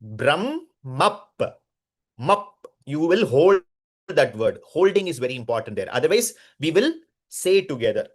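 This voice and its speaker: A man leads a chanting lesson at a very unhurried pace. He draws out every syllable and says each word again and again. He often stops to quiz his students. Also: a little high, big pitch swings. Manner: drawn-out syllables, repeats words, quizzes students. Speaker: Sanskrit chanting teacher.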